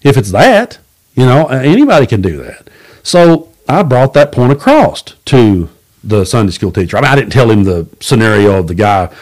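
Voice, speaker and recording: A man from hosts his own podcast and tells stories in a relaxed, plainspoken way. He is blunt, curses without a second thought, and slips into the voices of the people he quotes. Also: medium pitch, moderate pace. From Southeast Kentucky. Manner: folksy, blunt, swears freely, acts out quoted voices. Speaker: podcast host. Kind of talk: casual storytelling monologue.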